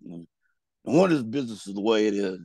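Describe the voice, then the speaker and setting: A low, gravelly man tells loose, rambling stories about his wrestling career. His tone is dark and mellow, and the sound is dry and close. He restarts his sentences often as he talks. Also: expressive, fairly quick, no room sound. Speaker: guest, former pro wrestler. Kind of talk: casual storytelling interview.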